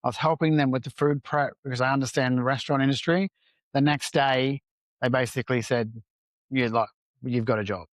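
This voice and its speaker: A man's voice: medium pitch, fairly even intonation, brisk, no room sound. Man, entrepreneur guest on a podcast, mid-range voice, candid storyteller who swears casually, dry close recording.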